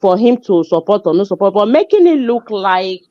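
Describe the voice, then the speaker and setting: A woman's voice: medium pitch, sing-song, normal speed. A woman, arguing in an online debate, insistent and offended. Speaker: panelist. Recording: muffled call audio.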